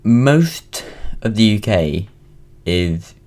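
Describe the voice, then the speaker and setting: Speaking very slowly with big swings in pitch, this Welsh vlogger in his late teens has a fairly low, darkish voice and a British accent. He rambles at home through a casual monologue, frequently saying um and starting over.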